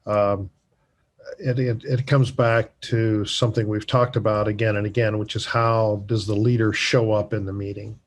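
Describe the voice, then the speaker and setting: A man's voice: fairly low pitch, little pitch movement, moderate pace. A man in a podcast conversation, starting hesitantly with fillers as he builds his point. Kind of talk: conversational discussion.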